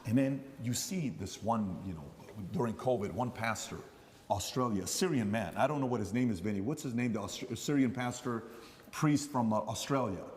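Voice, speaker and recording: Speaking at a normal pace in a slightly mellow, mid-range voice, a podcast host in his thirties drifts through casual talk-show banter. He acts out the people he quotes, and a long reverb tail trails his words.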